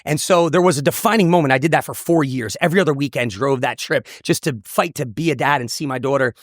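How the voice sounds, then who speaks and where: A man's voice: on the high side, fast, dry recording, studio quality. A man, a motivational speaker, telling an emotional personal testimony in an intense, earnest way. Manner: intense, earnest storytelling with repetitions.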